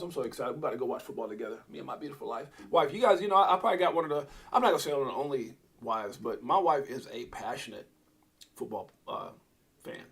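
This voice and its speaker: A middle-aged man hosting a live crypto stream, talking to his chat in an excitable, rambling way. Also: fairly high pitch, racing, slightly rough. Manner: excitable, rambling, talks to chat and reads out posts. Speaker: crypto livestream host. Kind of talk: casual live commentary.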